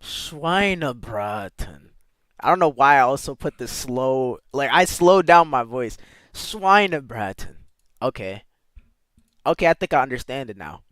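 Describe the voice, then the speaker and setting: A man's voice: mid-range voice, lively intonation, moderate pace, fairly bright tone, no echo. A man streaming live, chatting casually with his viewers and playfully sounding out foreign words. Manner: talks to chat with slangy asides.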